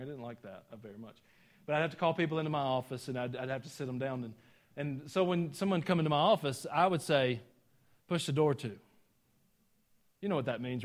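A middle-aged man with a Southern Georgia accent preaching a sermon, folksy and self-deprecating, telling personal stories with chuckling asides. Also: mid-range voice. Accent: Southern US (Georgia, some Tennessee). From Georgia, USA. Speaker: pastor.

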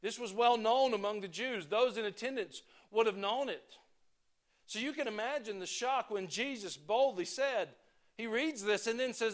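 Delivering a sermon to his congregation, this male pastor talks conversationally, alternating forceful points with softer asides. He speaks at a moderate pace in a high voice.

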